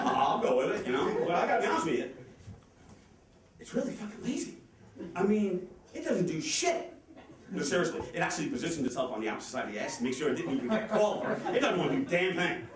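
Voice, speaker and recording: Man, stand-up comic, high voice, very animated, fast profane delivery, nervous, distant echoey club recording. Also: crowd noise. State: nervous, sweating. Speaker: stand-up comedian. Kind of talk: stand-up comedy set. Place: comedy club stage. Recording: echoey club audio from afar. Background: audience laughing.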